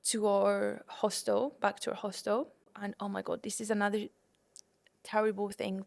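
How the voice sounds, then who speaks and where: A young woman from the UK and Spain, hosting a podcast and telling a travel story in a casual, animated way, often calling her listeners "guys". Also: medium pitch, vocal fry. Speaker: podcast host.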